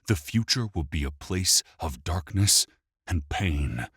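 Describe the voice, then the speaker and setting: A man's voice: deep voice, sing-song, slow, fairly bright tone, slightly rough, no room sound, clean studio sound, exaggerated voice. A man voicing a torn young hero who speaks with heavy sorrow. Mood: sorrowful.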